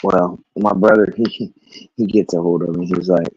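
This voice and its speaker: A man's voice: deep voice, fairly even intonation, normal speed, a little mellow, breathy edge, no room sound. A man ranting about his workday to camera, rambling and swearing, laughing often. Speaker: vlogger. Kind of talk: casual rant. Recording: dull, lo-fi, dry recording.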